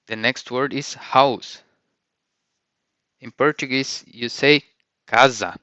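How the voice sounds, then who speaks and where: A man's voice: medium pitch, steady tone, slow, sharp tone, clear, resonant tone, no room sound. A man teaching a vocabulary lesson, saying each word and repeating it with careful pronunciation. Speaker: language teacher.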